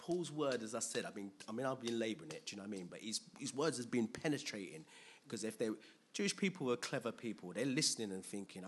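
A man preaching a sermon, animated and storytelling, acting out scenes. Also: fairly low pitch, fast, slight background noise.

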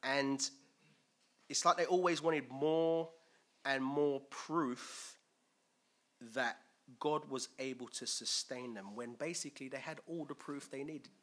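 A man preaching a sermon in a lively, conversational way, asking his listeners questions and acting out the figures he quotes. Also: mid-range voice, slow.

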